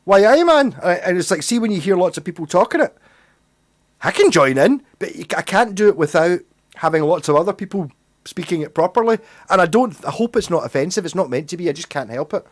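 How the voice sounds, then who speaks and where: A man with a Scottish accent hosts a casual livestream and rambles through stories with restarts and self-deprecating asides. His voice sits a little high for a man, and he sounds a bit tipsy. The sound is dry and close, with no room echo. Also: animated, fast talker. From Scotland. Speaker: livestream host. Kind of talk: casual chat with chat readers.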